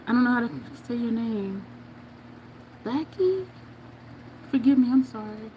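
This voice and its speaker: A woman's voice: a little high, expressive, measured pace, warm tone, slight background noise. A woman hosting a casual makeup livestream, chatting, laughing often and reading viewer comments aloud. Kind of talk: casual livestream chat while doing makeup.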